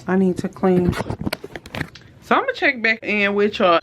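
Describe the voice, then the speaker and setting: A woman chats straight into her phone camera, talking to her viewers as y'all about her day. Her pitch sits in an ordinary middle range for a woman, and faint background noise runs under the recording. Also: animated, measured pace, pauses often. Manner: chatty, addresses viewers as y'all; switches to soft whispers late at night. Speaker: vlogger. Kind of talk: casual vlog chat. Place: at home and in stores and car.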